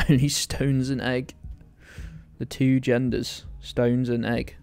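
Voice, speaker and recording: A man's voice: medium pitch, flat delivery, slow, a little mellow, soft background music. A young British man streaming a game live, teasing his chat with playful indignation and mock outrage. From United Kingdom.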